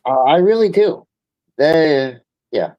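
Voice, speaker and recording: A man's voice: on the high side, expressive, slow pace, warm tone, muffled recording. A man hosting a casual chat who talks in a frank, laid-back way and swears freely. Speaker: stream host.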